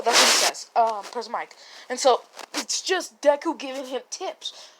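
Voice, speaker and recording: A woman's voice: high voice, a little fast, background noise. A woman casually retelling a fan story in a rambling, profane way, often laughing and correcting herself.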